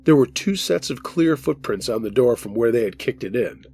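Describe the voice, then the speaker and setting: In a medium-pitched voice, a horror podcast host reads a listener's true scary story aloud in the first person, narrating in a steady, measured way.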